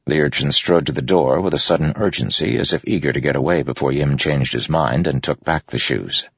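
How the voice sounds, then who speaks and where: A man narrating a story in a measured, steady way. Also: rumbling low, creaky, slightly rough, no echo, lo-fi sound. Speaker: audiobook narrator. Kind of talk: scripted narration.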